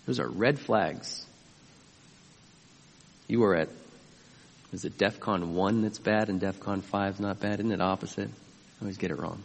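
A man's voice: fairly low pitch, moderate pace, vocal fry, long pauses, breathy edge, long reverb tail. A man preaching a sermon as pastor, emphatic and often asking his listeners questions. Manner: emphatic, asks the congregation questions.

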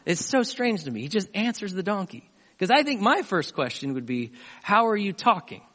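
Male pastor, slightly high voice, animated storyteller, long hall reverb. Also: a little fast. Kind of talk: sermon.

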